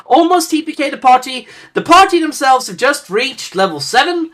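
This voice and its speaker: A man's voice: very high voice, big pitch swings, normal speed, fairly bright tone. A young man narrating as dungeon master, often stumbling over his words and correcting himself. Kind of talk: narrating a tabletop game.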